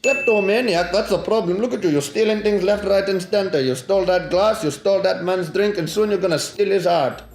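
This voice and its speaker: A playful young man hosts a silly improv game with a fairly high voice. He drops into put-on accents for the scenes. He is recorded in an echoey room with music playing behind. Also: a little fast, few pauses. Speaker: host.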